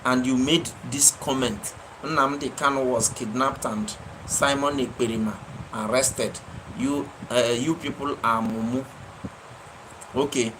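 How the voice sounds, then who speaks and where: A man's voice: medium pitch, fairly even intonation, measured pace, background noise. A man with a Nigerian accent hosting a live stream, answering viewers by name and scolding them with fiery, repetitive emphasis. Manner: impassioned, scolding, repeats his phrases for emphasis. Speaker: livestream host.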